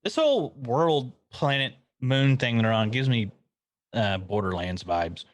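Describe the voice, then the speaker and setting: A man's voice: mid-range voice, expressive, measured pace, no echo. A man co-hosting a podcast, chiming in with short replies and jokes in casual chat. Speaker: podcast co-host.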